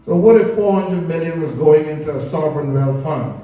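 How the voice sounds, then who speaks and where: Man, persuasive speaker, mellow slightly high voice, distant mic in a very echoey hall. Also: brisk. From Bahamas. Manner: earnest, persuasive, speaks of a spiritual perspective. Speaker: speaker at a public talk. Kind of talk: public talk with slides. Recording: echoey room recorded from afar.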